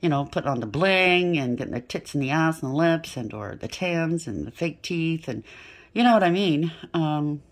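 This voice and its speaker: A woman's voice: low-pitched, animated, moderate pace. A middle-aged woman giving a casual tarot reading, blunt and chatty, swearing freely and often checking in with "okay?". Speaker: tarot reader.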